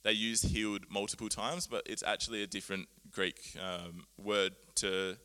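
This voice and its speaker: A man preaching a sermon, earnest and animated, often laughing at himself as he explains Bible words. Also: on the low side, normal speed, smooth.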